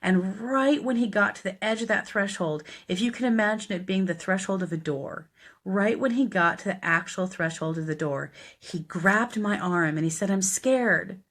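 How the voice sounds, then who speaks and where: A woman's voice: medium pitch, normal speed. Heartfelt woman telling a personal story. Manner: heartfelt, gets animated and laughs while retelling dialogue. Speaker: death midwife.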